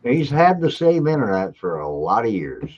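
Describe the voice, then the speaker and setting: An older man hosting a casual livestream, teasing and reading out viewer comments with lively energy. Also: mid-range voice, normal speed. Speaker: livestream host. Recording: dull lo-fi audio.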